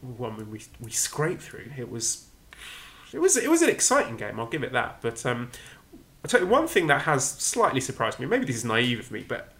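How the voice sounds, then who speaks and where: Bright-voiced English man chatting. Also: mid-range voice, wildly swooping pitch, normal speed. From England. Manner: chatty and self-deprecating, with frequent restarts. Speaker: podcast co-host. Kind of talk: casual chat.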